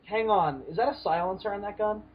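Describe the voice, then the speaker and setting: A man's voice: high voice, brisk, breathy edge, dull audio. A man co-hosting a comedy podcast, riffing and swearing as he rates pictures. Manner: animated, swearing, rating pictures with jokes. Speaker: podcast co-host. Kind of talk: casual comedic banter.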